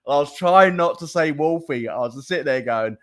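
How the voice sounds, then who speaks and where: A man's voice: fairly high pitch, a little fast, fairly bright tone. A male host opens a live interview show with easy, chatty energy. He talks in a slightly raised voice and laughs freely between questions. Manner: chatty and upbeat, laughs easily.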